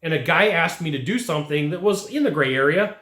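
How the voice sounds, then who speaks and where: A fairly quick, expressive man with a fairly high pitch and fairly bright tone gives a sales lesson to camera. As a sales trainer, he leans on emphatic repetition to make points stick, recorded in an echoey room.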